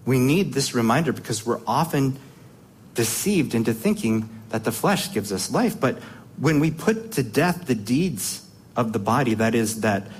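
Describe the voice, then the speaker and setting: Male preacher, mid-pitched voice, emphatic sermon delivery, rhetorical questions, repeats himself on restarts. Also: lively intonation, normal speed, slight background noise.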